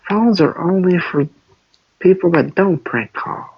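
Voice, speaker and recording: A man's voice: sits high, unhurried, husky, no echo, pitched above the performer's own voice, heavily acted. A man voicing an exasperated middle-aged cartoon dad who scolds in a drawl, on a dull lo-fi recording.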